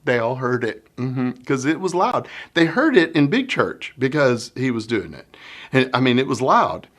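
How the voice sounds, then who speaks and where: A middle-aged man, a children's minister giving a conference workshop talk, folksy and animated as he acts out scenes. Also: mid-range voice, normal speed. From Oklahoma, US. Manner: folksy sayings.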